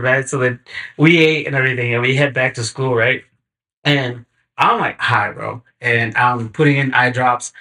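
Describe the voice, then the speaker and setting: A man guesting on a podcast, telling stories in a relaxed, slangy way. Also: medium pitch. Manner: laid-back, slangy, acts out quotes in animated bursts. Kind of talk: casual chat, storytelling.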